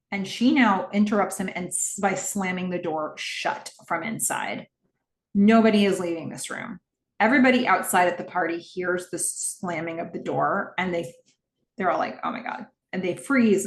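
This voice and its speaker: A woman's voice: lowish voice, echoey room. A woman hosting a podcast, recapping a TV episode scene by scene in the present tense and voicing the characters' lines as she goes. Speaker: podcast host.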